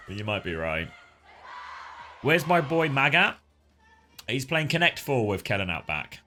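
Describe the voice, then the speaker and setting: A man's voice: medium pitch, big pitch swings, a little slow, pushed and bright, some chatter behind. A man co-casting an esports match in casual chat, laughing often and swearing casually. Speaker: esports co-caster.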